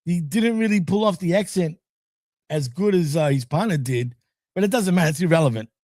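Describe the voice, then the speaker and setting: A man's voice: a little high, animated, brisk, darkish tone, no room sound, studio quality. A man co-hosting a podcast, chatting casually through a wrestling recap, rambling and laughing often. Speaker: podcast co-host.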